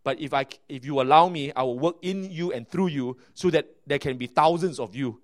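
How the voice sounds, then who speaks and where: A man with a Malaysian English accent, a pastor telling stories in a sermon, chatty and animated with many fillers and restarts. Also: a little high, brisk. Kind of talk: sermon storytelling.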